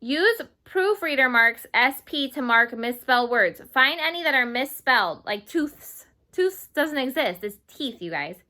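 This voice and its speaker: A woman's voice: high voice, big pitch swings, pushed and bright. A woman teaching English grammar to Spanish-speaking children, repeating each word patiently and slipping in Spanish glosses. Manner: slow, patient, repeats words for students.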